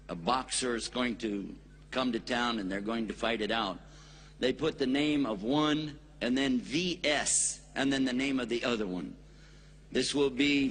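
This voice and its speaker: A man's voice: medium pitch, fairly bright tone, a little hiss or hum. A man with an American accent giving a public Islamic lecture, folksy and joking, stressing words for emphasis. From United States. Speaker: Islamic preacher. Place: lecture hall in India.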